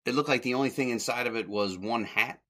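A man's voice: medium pitch, fast, sharp tone. A man hosting a podcast, casually retelling an old comedy short, rambling a little, correcting himself and chuckling often. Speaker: podcast host.

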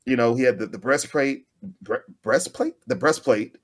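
A man co-hosting a podcast in casual chat, an animated storyteller who acts out the voices of the people he quotes. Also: medium pitch, normal speed. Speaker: podcast co-host.

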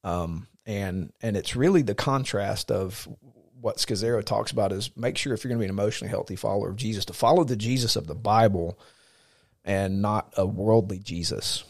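A man's voice: on the low side, a little fast, no room sound, clean studio sound. A man co-hosting a faith podcast, talking casually and earnestly, often restarting as he thinks. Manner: earnest, repeats words as he thinks. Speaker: podcast co-host. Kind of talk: casual chat about faith.

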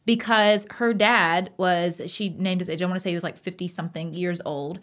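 A woman, co-hosting a casual podcast chat and talking in an emphatic, passionate, animated way. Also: on the low side, moderate pace. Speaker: podcast co-host.

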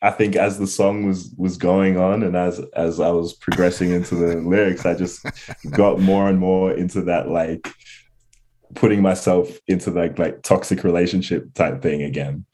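A man talking casually as a guest about making his song, relaxed and rambling. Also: deep voice, moderate pace, a little hiss or hum. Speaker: musician guest. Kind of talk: casual interview talk.

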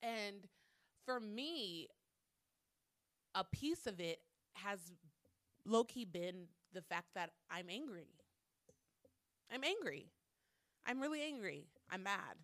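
A woman's voice: medium pitch, very animated, slow, pauses often, fairly bright tone. A woman hosting a solo podcast monologue, talking candidly with frequent swearing and repeating lines for emphasis. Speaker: podcast host.

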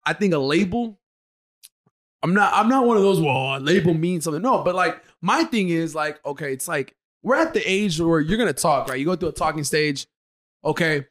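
A man's voice: fairly high pitch, animated, moderate pace, a bit bright. A young man co-hosting a podcast, casual and laughing, swearing freely and calling everyone bro. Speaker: podcast co-host. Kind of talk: casual chat.

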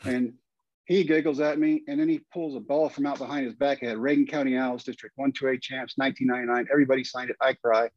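A man's voice: medium pitch, quick pace, hardly any pauses, highs cut off. A man in his fifties with a Texan accent, a guest telling a long story and acting out the lines people said. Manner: animated storyteller, acts out quoted lines. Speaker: guest, former pitcher and coach. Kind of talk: storytelling in a podcast interview.

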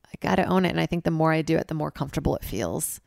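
A young woman with a low, gravelly voice rambles through a casual solo podcast in a hotel room. She mocks herself and breaks into loud, high-pitched bits. The sound is close and dry. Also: lively intonation, very fast, no echo. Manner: loose, rambling, self-mocking, swings into loud high bits. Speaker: podcast host. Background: ice machine outside.

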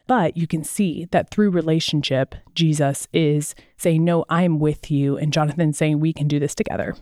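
Earnest talkative woman, low and dry. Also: steady tone, normal speed, a little mellow, dry recording. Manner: earnest, talkative, retells scripture stories in quoted voices. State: out of breath. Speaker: podcast co-host. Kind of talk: casual Bible discussion.

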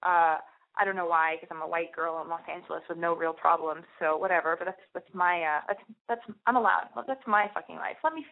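Brief: young woman radio host, animated and foul-mouthed storyteller, thin phone-band sound. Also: lowish voice, brisk, phone-quality sound. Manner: animated, profane, rambling with many restarts. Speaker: radio show host taking calls. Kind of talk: casual storytelling monologue.

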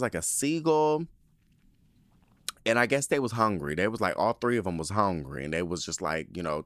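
A man's voice: lowish voice, a bit bright, no echo. A man rants into a close, dry podcast mic, his voice leaping up and down as he tells the story. He is dramatic and profane, with bursts of laughter, and he talks like he's chatting with friends. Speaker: podcast host. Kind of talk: casual solo podcast rant.

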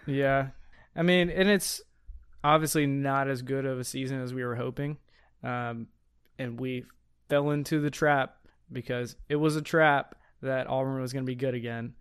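A man's voice: mid-range voice, steady tone, moderate pace, fairly bright tone, smooth, no room sound, clean studio sound. A man hosting a casual sports podcast, talking in bursts with lots of fillers and restarts. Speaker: podcast host.

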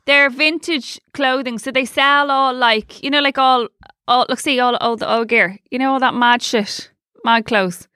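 An Irish woman co-hosting a podcast in casual chat, telling stories with lively energy and frequent swearing. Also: high-pitched, unhurried, dry recording, studio quality. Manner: swears freely, lively storytelling. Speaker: podcast co-host.

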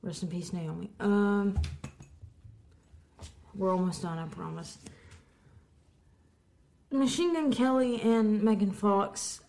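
Woman podcast co-host, casual news roundup, trips on a word now and then, mid-pitched. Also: gravelly, mellow. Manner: reads headlines, stumbles on words, quick asides. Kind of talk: casual chat reading music news.

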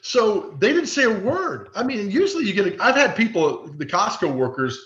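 A man on a podcast as a guest, telling animated stories in casual chat and acting out the voices of the people he quotes. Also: high-pitched, moderate pace. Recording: echoey, dull lo-fi.

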